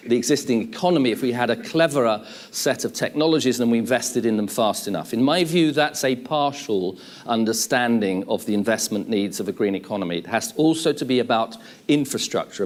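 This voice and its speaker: A middle-aged man giving an academic conference talk, lecturing in a measured way with lists and restatements. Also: medium pitch, a little mellow. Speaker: conference speaker.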